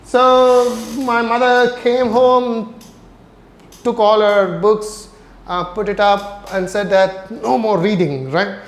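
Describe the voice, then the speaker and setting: A middle-aged man telling a casual story with many ums and uhs, often ending with "right?". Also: high voice. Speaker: host of a neurorehabilitation channel. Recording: echoey room.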